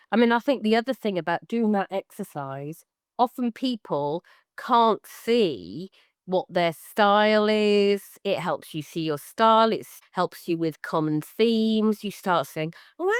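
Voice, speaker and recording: Lively woman, smooth voice. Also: no echo, studio quality. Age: middle-aged. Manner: animated, acts out quoted voices with big pitch jumps. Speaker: podcast co-host, artist. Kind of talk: casual podcast chat.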